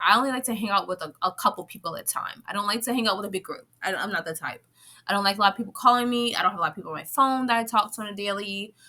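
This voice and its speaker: Bright-voiced young woman vlogging. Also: medium pitch. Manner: animated, swears freely, laughs often, slips into playful put-on voices. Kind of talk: casual monologue to camera.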